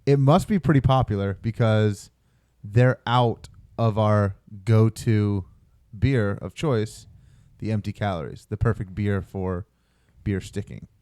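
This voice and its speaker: A man's voice: fairly low pitch, unhurried, darkish tone, no echo. Guy cohosting a podcast, jokey teasing, dry close sound. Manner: joking, teasing. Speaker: podcast co-host. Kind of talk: casual banter.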